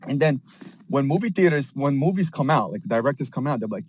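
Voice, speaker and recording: A man in casual group chat on an audio call, rambling excitedly with lots of slang and acting out scenes. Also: mid-range voice, a little fast, husky. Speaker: space call participant.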